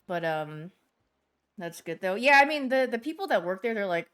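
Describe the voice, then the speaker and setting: A woman's voice: mid-range voice, expressive, normal speed, fairly bright tone. A young woman streamer chatting casually with her viewers, rambling through stories and laughing often. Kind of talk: casual livestream chat, answering viewers.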